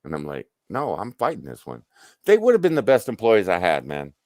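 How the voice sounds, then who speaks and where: Man, very low voice, lively ups and downs, profane storyteller. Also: a little fast, dry recording, clean studio sound. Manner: profane, animated storyteller acting out quotes. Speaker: livestream host. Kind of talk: casual storytelling chat.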